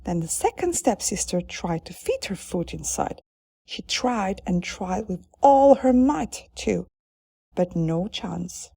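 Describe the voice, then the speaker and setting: A woman narrating a children's storybook in a calm, deliberate way. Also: mid-range voice, vocal fry, breathy edge, dry recording, studio quality.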